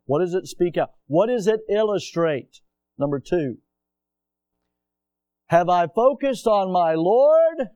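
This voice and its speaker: A man preaching a sermon, reading scripture aloud and asking his congregation questions, swinging between quiet asides and loud emphatic rises. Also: mid-range voice, clear, resonant tone, no room sound, muffled recording. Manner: reads scripture aloud in old-fashioned wording. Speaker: pastor.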